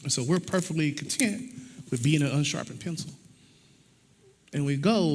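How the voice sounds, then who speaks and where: A man's voice: on the high side, brisk, long pauses, darkish tone, slightly rough. A man preaching a conversational sermon with props, talking in a folksy way and acting out little dialogues. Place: church sanctuary. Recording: long hall reverb, faint noise.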